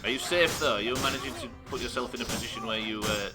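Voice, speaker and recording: A man's voice: mid-range voice, fast talker. A male gaming streamer talking through live gameplay, sweary, joking and self-deprecating. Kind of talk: live gameplay commentary and chat. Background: game music and sounds.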